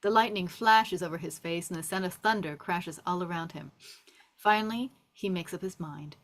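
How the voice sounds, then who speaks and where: Low-pitched woman reading stage directions. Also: moderate pace. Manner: descriptive, steady reading. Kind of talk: table read narration.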